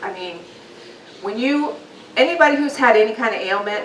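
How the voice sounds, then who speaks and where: Speaking to a live audience in a meeting hall, this female guest speaker delivers a candid, conversational motivational talk about her own life, full of ums. Her voice sits in the mid range, fairly quick and fairly bright. Faint noise runs under a roomy, distant recording.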